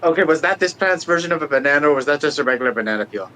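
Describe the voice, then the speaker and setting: A man's voice: fairly high pitch, expressive, rapid-fire, sharp tone, slight background noise. A man playing in a tabletop game, chatty and careful to double-check details. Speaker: player.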